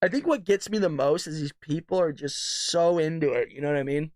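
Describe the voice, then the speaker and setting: Speaking fairly quickly, a male political commentator on a live stream goes on a heated, foul-mouthed rant with mock voices, rising loud and high. There is no room sound and the studio recording is clean.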